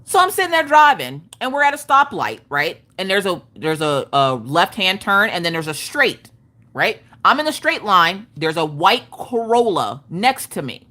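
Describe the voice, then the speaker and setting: A woman, telling a story in a casual livestream chat, animated, profane and emphatic. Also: medium pitch, moderate pace. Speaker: craft livestream host.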